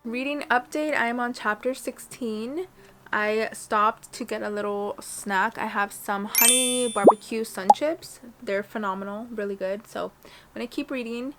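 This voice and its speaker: A woman's voice: fairly high pitch, a little slow, fairly bright tone, slight background noise. A young woman in her twenties chatting casually on a book vlog from her reading corner at home, gushing and emotional. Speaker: book vlogger.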